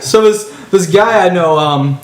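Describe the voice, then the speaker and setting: A man's voice: high-pitched, measured pace, heavy background noise. A man teasing and asking questions as a co-host on a casual podcast, in an echoey room. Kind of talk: casual chat.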